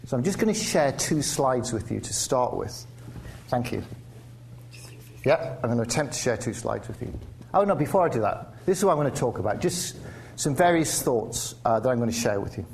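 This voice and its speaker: A man's voice: mid-range voice, expressive, moderate pace, creaky. English guy lecturing in a hall, chatty, keeps restarting, wry jokes, faint hiss behind. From England. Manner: conversational, self-interrupting with restarts and wry asides. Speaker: guest speaker. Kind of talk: public lecture. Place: lecture theatre.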